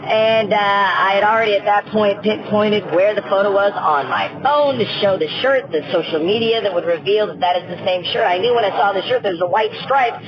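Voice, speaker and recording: A man's voice: sits high, moderate pace, few pauses, a crowd in the background. A man telling a casual, rambling bar story in a slangy, jokey way. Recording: dull recording with noise.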